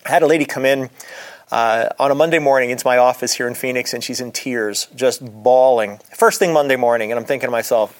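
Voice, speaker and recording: A man's voice: mid-range voice, quick pace. A middle-aged man, a doctor, hosting his own podcast in a chatty, earnest storytelling way. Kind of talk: casual solo podcast monologue.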